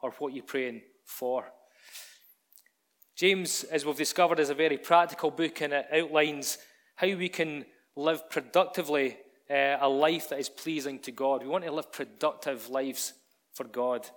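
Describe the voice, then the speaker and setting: A man's voice: on the high side, fairly even intonation, moderate pace, fairly bright tone. A man preaching to a church congregation, giving announcements and starting a sermon in a chatty, direct way. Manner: conversational, addresses the congregation directly.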